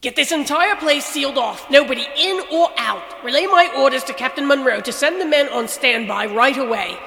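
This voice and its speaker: A woman's voice: sits high, moderate pace, gravelly, pushed and bright, echoey room, long reverb tail, pitched above the performer's own voice, full character voice. Woman reading as a stern male brigadier, firm, clipped orders, storybook reading.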